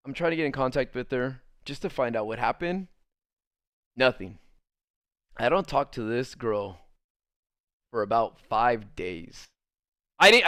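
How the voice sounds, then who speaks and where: A young adult man livestreaming, telling a rambling story to his chat in a casual, animated way full of "like" fillers. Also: a little high, smooth, no room sound, clean studio sound.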